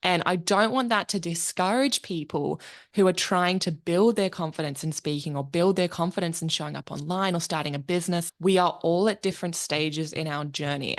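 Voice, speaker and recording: A woman who works as a speaking coach, chatting as a podcast guest in an enthusiastic, expressive way and swearing freely. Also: low-pitched. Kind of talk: casual interview chat.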